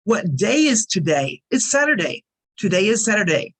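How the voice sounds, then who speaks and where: Woman teaching slow drilled English phrases. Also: mid-range voice, big pitch swings, breathy edge. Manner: careful, repeats example sentences for learners. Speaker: ESL teacher. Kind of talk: slow clear teaching narration.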